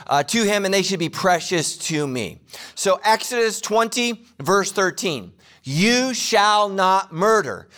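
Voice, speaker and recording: A man with a high voice delivers a sermon. He is casual and jokey with his listeners, and he repeats the main points slowly for weight. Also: a bit bright. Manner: casual joking preacher, repeats key lines slowly. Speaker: pastor.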